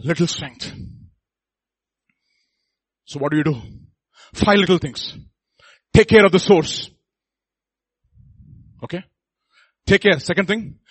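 A man preaching a sermon, swinging between quiet asides and loud exhortation and calling the congregation to repeat after him. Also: a little high, breathy edge, no room sound. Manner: calls the congregation to repeat lines.

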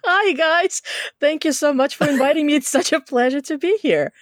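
A woman with a non-native English accent, a guest on a podcast, talking warmly and laughing often. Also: sits high, moderate pace, no room sound, studio quality. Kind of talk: casual podcast chat.

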